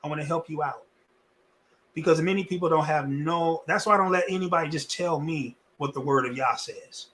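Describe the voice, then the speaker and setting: A male pastor preaching in a lively, folksy way, swinging between loud and hushed delivery with much repetition. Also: on the high side, fairly quick, a little hiss or hum. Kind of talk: sermon.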